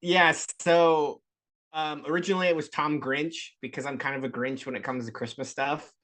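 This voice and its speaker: A man's voice: a little high, steady tone, normal speed, a bit bright. A man being interviewed as a guest creator, laid-back and self-deprecating, on a glitchy video call. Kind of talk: casual interview chat.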